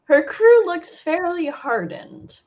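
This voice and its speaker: A woman narrating as game master of a tabletop role-playing game, unhurried and amused. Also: extremely high pitch, sing-song, darkish tone, lo-fi sound.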